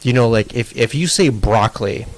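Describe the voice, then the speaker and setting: A man co-hosting a podcast in a casual chat, playful and quick to joke. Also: medium pitch, animated, slight background noise. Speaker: podcast co-host.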